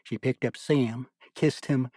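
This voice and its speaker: A man giving measured, scripted audiobook narration. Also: medium pitch, fairly even intonation, mellow, no echo, clean studio sound.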